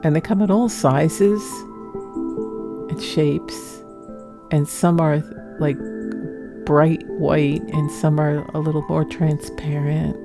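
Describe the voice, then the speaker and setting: A woman talks through her home videos in a low, gravelly voice. Her delivery is chatty and rambling, with frequent laughs. Music plays clearly beneath her. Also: steady tone, takes it slowly. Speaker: paranormal vlogger narrating her footage. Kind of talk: casual voice-over narration.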